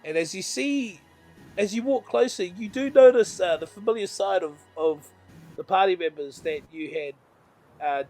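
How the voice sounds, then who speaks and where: A man narrating as game master of a tabletop game, meandering and often correcting himself. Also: high-pitched.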